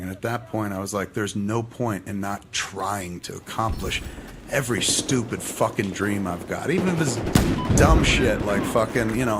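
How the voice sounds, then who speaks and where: A man's voice: lowish voice, moderate pace, very noisy. A man on a podcast telling a personal story, profane and emphatic, acting out the people in it. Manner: profane, emphatic, animated retelling. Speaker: podcast guest. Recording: podcast audio under loud gunfire. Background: loud video game gunfire and explosions.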